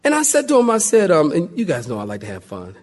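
A man preaching a sermon as pastor, an animated storyteller who acts out the people in his stories and calls out to the congregation. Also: a little high, fast talker.

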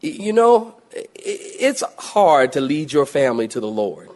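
A middle-aged man from Philadelphia preaches a sermon. His voice sits a little high for a man. He tells stories and acts out little voiced exchanges as he goes. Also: normal speed. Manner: storytelling with lively voiced asides and laughs. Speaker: pastor.

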